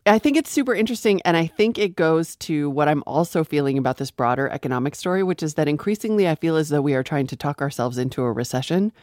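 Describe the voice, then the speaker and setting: Fast, chatty woman co-host. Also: sits low, expressive, darkish tone, no echo, clean studio sound. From West Coast of the US. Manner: quick, chatty, enthusiastic. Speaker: podcast co-host. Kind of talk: casual chat.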